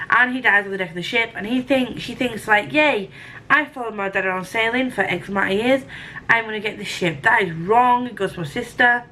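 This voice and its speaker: A woman's voice: fairly low pitch, a bit bright, a little hiss or hum, rough recording. Chatty, rambling woman book vlogger. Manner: rambling, self-correcting, chatty. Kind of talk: casual chat about her reading.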